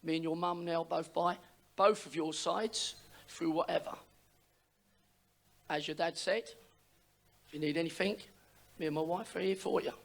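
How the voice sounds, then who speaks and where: A middle-aged man, the father of the groom, giving a wedding speech, emotional and pausing to sigh. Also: fairly high pitch, steady tone, vocal fry, fairly bright tone. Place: wedding reception hall.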